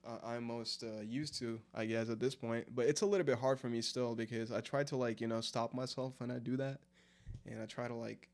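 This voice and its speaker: Young man, casual live-stream chat, lots of fillers, mid-pitched. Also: creaky. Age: 20s. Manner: rambling, filler-heavy, answers chat aloud.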